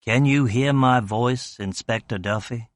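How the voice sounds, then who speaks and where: A man voicing an older Southern American crime boss with a Southern American accent, speaking slowly with quiet, cold menace. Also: medium pitch, dry recording, clean studio sound, lightly acted. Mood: menacing. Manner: slow, quiet, coldly calm menace.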